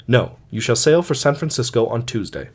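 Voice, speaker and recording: A man's voice: mid-range voice, big pitch swings, normal speed, breathy edge. A man reading aloud, voicing a zealous missionary who speaks in a hard, stern, preacherly way. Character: stern, zealous middle-aged male missionary.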